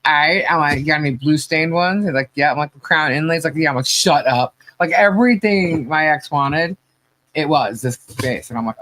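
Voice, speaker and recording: A woman's voice: deep voice, normal speed, fairly bright tone, no echo. A woman co-hosting a podcast, telling stories in casual chat, acting out quoted dialogue and laughing often. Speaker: podcast co-host.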